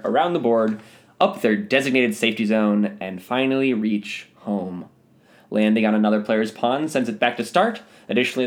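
A man co-hosting a podcast in casual chat, dry and teasing, at times reading from a prepared summary. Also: medium pitch. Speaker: podcast co-host.

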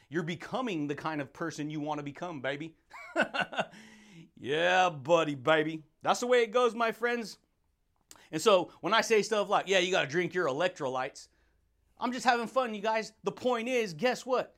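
A man hosting a motivational podcast, hyped and slangy, laughing often and calling listeners baby and dude. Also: high-pitched. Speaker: podcast host.

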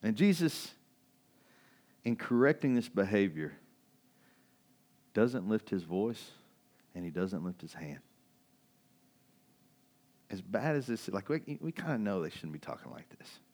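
A male pastor giving a sermon in a casual, conversational way, laughing often and swinging from loud, excited bursts to quiet, low stretches. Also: measured pace, long pauses.

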